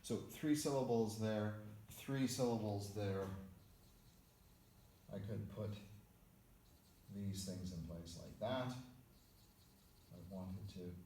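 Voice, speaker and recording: A man's voice: on the low side, a little mellow. A man teaching music theory in a recorded lecture, explaining methodically step by step as he writes out notation. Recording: echoey room with faint background noise.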